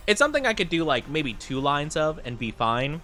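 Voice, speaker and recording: A playful male streamer chatting with his viewers while he plays a game. His voice swings up and down with animated, expressive pitch. Faint music plays in the background. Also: a little fast. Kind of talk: casual gaming stream chat.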